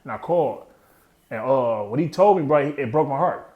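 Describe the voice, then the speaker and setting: A man's voice: medium pitch, lively intonation, brisk, roomy sound, narrow, tinny audio. A man in his thirties telling his own story candidly in an interview, streetwise and heavy on slang, often trailing off. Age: 30s. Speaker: interview guest.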